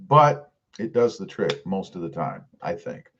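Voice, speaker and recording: Chatty middle-aged man, lively voice. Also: sits low, takes it slowly, highs cut off, a little hiss or hum. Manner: chatty, jokey, reads comments aloud. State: clearing his throat. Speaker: live stream host reading chat. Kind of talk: casual live stream chat.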